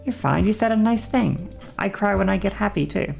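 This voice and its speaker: A woman's voice: mid-range voice, animated, moderate pace, gravelly, darkish tone, soft background music. A woman streamer talking casually and swearing freely, often adding "you know" as she chats with her viewers. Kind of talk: casual livestream chat.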